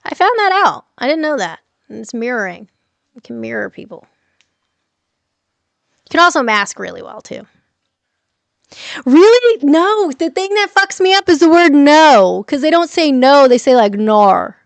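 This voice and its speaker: A middle-aged woman chats casually on a livestream, answering her viewers, laughing and swearing freely. Her slightly high voice carries a gravelly fry. The sound is dry and close. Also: sing-song, normal speed, pauses often, dry recording. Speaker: livestream host.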